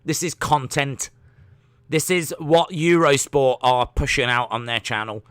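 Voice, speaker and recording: A man's voice: medium pitch, steady tone, a little slow, fairly bright tone, clear, resonant tone, no echo. A young man hosting a casual watch-along livestream, chatty and self-mocking as he reads out chat messages and makes jokey asides. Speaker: livestream host.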